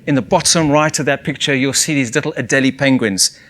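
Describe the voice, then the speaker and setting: A man addresses an audience from a stage microphone, carrying them through a personal story. He moves between narration and quoted exchanges with others, pitched at a moderate middle for a man. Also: fairly quick, fairly bright tone. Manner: vivid storytelling, voicing others in quoted dialogue. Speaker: keynote speaker. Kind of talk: inspirational storytelling speech.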